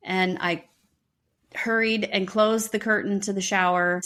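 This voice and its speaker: A woman's voice: mid-range voice, unhurried. A middle-aged woman, a podcast co-host, telling a personal story in casual chat and acting out the voices of the people she quotes. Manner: animated, acts out quoted voices.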